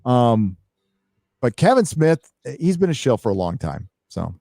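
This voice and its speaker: A man hosting a loose live stream at a mid pitch, swearing freely and rambling between donation readouts. His voice sits close and dry, with no room sound around it. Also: measured pace, gravelly, no room sound. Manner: rambling, profane, excitable. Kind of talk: casual live-stream chat, reading donations.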